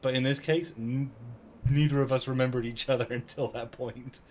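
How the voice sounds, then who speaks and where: A man's voice: medium pitch, normal speed, slight background noise. Chatty British man telling a story. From Cornwall, England. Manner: chatty, animated retelling with quoted voices. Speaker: streamer. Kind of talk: casual storytelling to chat.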